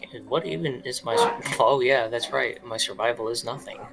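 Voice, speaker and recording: A man's voice: mid-range voice, a little fast, creaky, over music. A young man playing in a tabletop game, laid-back and goofy. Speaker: player. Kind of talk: casual tabletop game play.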